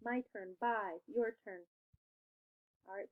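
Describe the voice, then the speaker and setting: A woman's voice: mid-range voice, fairly even intonation, measured pace, phone-quality sound. Upbeat woman teaching young children. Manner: upbeat, encouraging, clear instructions. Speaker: second grade teacher. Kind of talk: online spelling lesson for children.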